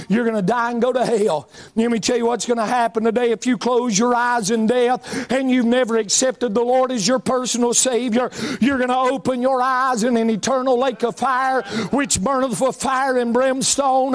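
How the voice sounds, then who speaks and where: A man preaching a fiery revival sermon in a church, with a chanting, shouting cadence full of uh fillers. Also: very high voice, flat delivery, normal speed, hardly any pauses. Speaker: pastor. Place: church sanctuary.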